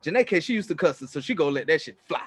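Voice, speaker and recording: A middle-aged man with a somewhat high voice, co-hosting a podcast in loose, casual chat. He tells family stories with animated energy, acting out quotes and laughing often. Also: rapid-fire, a little hiss or hum. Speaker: podcast co-host.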